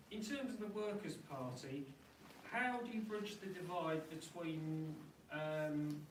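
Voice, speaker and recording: Male audience member, slightly high voice, halting delivery, distant in a reverberant room. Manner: hesitant, many "um"s. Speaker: audience member asking a question. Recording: echoey room, distant mic, clear noise.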